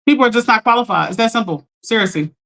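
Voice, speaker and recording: Woman livestream coach with a slightly high voice, chatty and direct, keeps calling out to viewers. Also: lively intonation, quick pace, vocal fry, a bit bright. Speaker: life coach hosting a livestream. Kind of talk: casual livestream talk to viewers.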